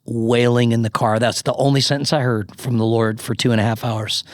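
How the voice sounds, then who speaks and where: A middle-aged man, a pastor, telling a personal story on a podcast with quick asides and self-deprecating humor. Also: mid-range voice, level tone, no echo, clean studio sound. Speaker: founding pastor, guest.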